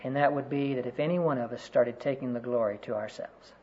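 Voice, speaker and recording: A man's voice: mid-range voice, a little fast, a little mellow. A man preaching a sermon to a conference audience, telling stories earnestly and quoting scripture. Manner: earnest storytelling, quotes scripture. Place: conference room. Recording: dull lo-fi sermon recording.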